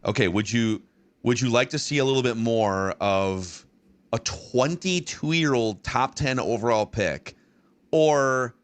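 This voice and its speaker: A man hosting a sports podcast, thinking out loud in a measured way with frequent restarts. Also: on the low side. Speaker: podcast host. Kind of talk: sports talk analysis.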